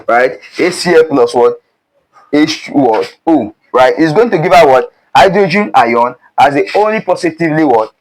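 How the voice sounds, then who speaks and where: A man's voice: a little high, rough recording. A young man teaching a chemistry exam prep lesson. He keeps prompting with "what?" before each answer, in a call-and-response way. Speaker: chemistry tutor.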